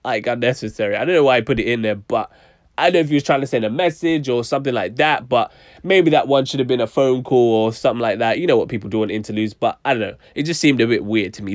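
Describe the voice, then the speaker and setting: A young man talks through music in a relaxed, candid review vlog. His voice sits at an ordinary pitch, and the sound is dry and close with no room echo. He hedges often as he talks. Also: fast. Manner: chatty, frank, hedging with "I don't know".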